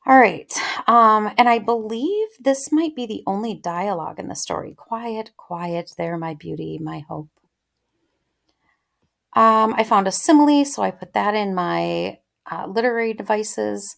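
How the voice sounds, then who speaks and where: A woman's voice: mid-range voice, normal speed, vocal fry, hardly any pauses, fairly bright tone. A woman teaching literature in a casual close-reading lecture, chatting and thinking aloud with many ums.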